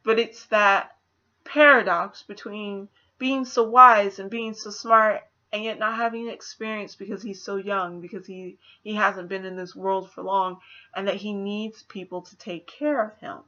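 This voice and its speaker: A woman giving a casual spoiler movie review, chatty and animated, acting out quotes with laughs. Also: mid-range voice, unhurried. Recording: slightly dull lo-fi audio.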